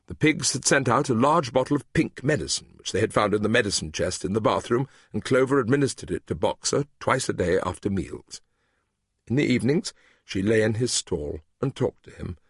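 Man narrating a story, kinda husky, lots of up and down in his voice, dry close mic. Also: medium pitch, no room sound. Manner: expressive, measured narration. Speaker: audiobook narrator. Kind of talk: storybook reading.

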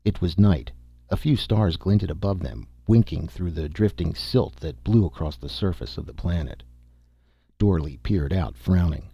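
A man narrating a science fiction story in a steady, measured reading voice, with a husky tone. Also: low voice, no room sound. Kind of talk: audiobook narration.

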